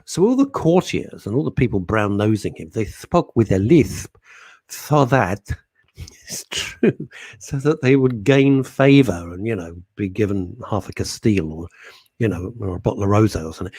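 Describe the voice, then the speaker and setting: Brief: chatty male radio host, very animated delivery, dead-dry studio mic. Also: lowish voice, breathy edge, no room sound. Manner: chatty, animated, jokey, talks to listeners by name. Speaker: radio talk show host. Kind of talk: casual chat reading listener comments.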